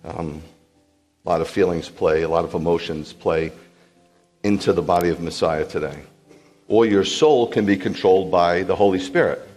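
A rabbi preaches a sermon to a congregation in a large hall, his low voice moving at normal speed with big-room sound and faint music behind. He teaches in an animated way, asking the room questions and often checking that listeners follow.

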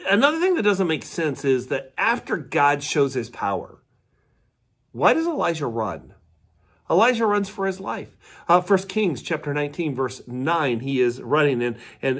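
A man, a pastor, giving a midweek devotional sermon in a conversational storytelling way and asking his listeners questions. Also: fairly high pitch.

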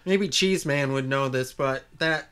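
A man co-hosting a wrestling podcast in casual chat, chiming in with measured details. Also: mid-range voice, fairly bright tone, clean tone. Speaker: podcast co-host.

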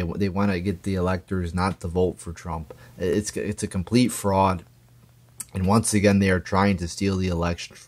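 A man's voice: low-pitched, a little mellow. A man ranting angrily about politics, swearing often and stumbling over his words with repeated restarts. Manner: profane, stammering, indignant. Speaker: political commentator. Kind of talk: angry political rant.

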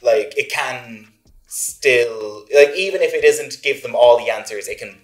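A man's voice: mid-range voice, lively intonation, measured pace, soft background music. A young man with an Irish accent, joking wryly in a casual group discussion. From Ireland. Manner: wry, joking, playful. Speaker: panel guest. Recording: roomy echo.

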